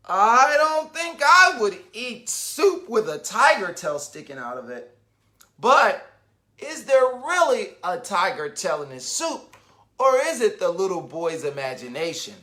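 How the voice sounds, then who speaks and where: A man reads a children's picture book aloud, his bright, ringing voice leaping up and down in a sing-song way. He is unhurried and patient, often turning to his young listeners with questions and pausing to wonder.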